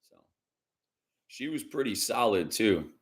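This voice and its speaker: A man hosting a casual psychic reading livestream from home, rambling and chatty and often clearing his throat. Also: on the low side, big pitch swings, measured pace. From Michigan. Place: indoors at home.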